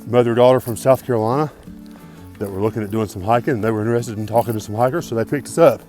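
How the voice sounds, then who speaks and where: A man of middle pitch chats to camera on a handheld phone while outdoors on a mountain trail. His talk is upbeat and grateful, with a casual, easy vlog manner. Faint music sits softly behind him. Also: racing, rough recording. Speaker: thru-hiker vlogger.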